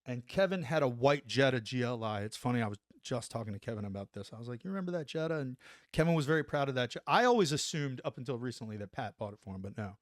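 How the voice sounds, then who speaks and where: Forties guy, army vet on a podcast, lively storyteller, dry close sound. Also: medium pitch, quick pace, no room sound. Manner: animated, tags lines with "right?", laughs while telling. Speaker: podcast guest, army veteran. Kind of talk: casual storytelling anecdote.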